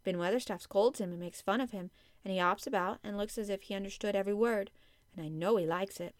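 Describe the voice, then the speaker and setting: A woman's voice: mid-range voice, fast, dry recording, studio quality, lightly acted. A woman reading an audiobook, voicing an eager, earnest young girl with a raised voice. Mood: delighted.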